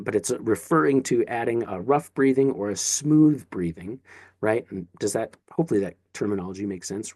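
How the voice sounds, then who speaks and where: A man's voice: on the low side, darkish tone, no echo. A man teaching a casual online lesson, talking in a chatty, encouraging way with asides and restarts. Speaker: Greek teacher.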